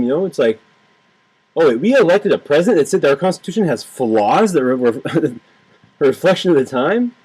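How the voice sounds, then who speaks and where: A man's voice: fairly high pitch, very animated, fairly quick, darkish tone, breathy edge, low-quality recording. A man giving heated, sarcastic political commentary, repeating himself and swearing freely. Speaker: political vlogger. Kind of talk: ranting political commentary to camera.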